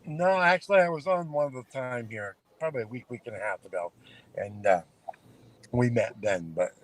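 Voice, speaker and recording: A man's voice: medium pitch, normal speed, low-quality recording. A man from Maine calling in as a guest on a live stream, chatting in a folksy way while driving. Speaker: guest caller. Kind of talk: casual chat. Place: in a car.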